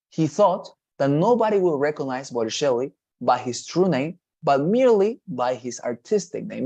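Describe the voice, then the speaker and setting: A man's voice: a little high, darkish tone. A man teaching test prep, repeating points and checking in with his students as he goes. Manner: repetitive, checks in with "okay?" and "right?". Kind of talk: online class explanation.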